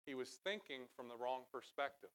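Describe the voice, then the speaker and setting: A middle-aged man preaching a sermon from a church stage, talking conversationally and then building to loud, emphatic passages. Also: medium pitch, lively intonation, brisk, smooth. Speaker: pastor.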